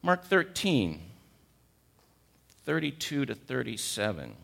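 A man's voice: mid-range voice, very animated, takes it slowly, gravelly, fairly bright tone. A man in his sixties with a cold, preaching a sermon, emphatic and repeating key words as he questions the congregation. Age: 60s. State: has a cold.

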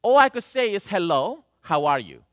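A woman's voice: mid-range voice, sing-song, normal speed, no echo, clean studio sound, voice pushed up, natural voice. Man doing a pleading old Korean grandma. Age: 70s. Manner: pleading, broken English. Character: petite elderly Korean grandmother, earnest and prayerful.

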